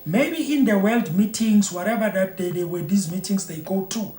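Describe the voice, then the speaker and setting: A man's voice: high-pitched, normal speed, dark tone. A South African man giving opinionated commentary as a vlogger, emphatic and repeating phrases for emphasis. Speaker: vlogger reacting to news. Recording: roomy echo.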